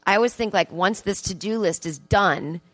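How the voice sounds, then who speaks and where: A woman comedian telling a story live on stage, self-mocking and animated, acting out her own thoughts. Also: mid-range voice, moderate pace, dry recording, faint music behind. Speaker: comedian and podcast host. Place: theatre stage with audience.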